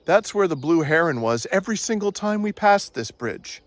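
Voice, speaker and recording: Animated, jokey man vlogging outdoors. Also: high voice, moderate pace, dry recording. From Canada. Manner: playful, joking, repeats a catchphrase. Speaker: vlog host. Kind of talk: walking outdoor vlog, jokey commentary. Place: outdoors in a provincial park.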